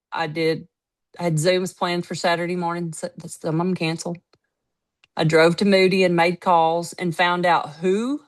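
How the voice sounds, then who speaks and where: Emphatic woman telling stories. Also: lowish voice. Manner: storytelling, quoting others, lively and emphatic. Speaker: network marketing team leader. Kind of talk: casual motivational talk.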